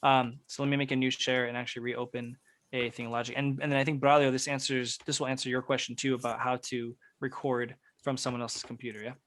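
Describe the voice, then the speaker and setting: A man teaching a music production workshop over a video call, explaining technical details in a relaxed, casual way with plenty of fillers. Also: medium pitch, quick pace.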